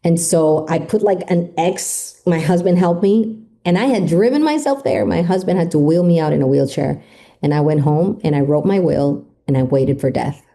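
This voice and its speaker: Low-pitched and dark in tone, this woman's expressive voice moves at a moderate pace. Appearing as a guest on a podcast, she relives a personal story emotionally and performs the quoted lines of others.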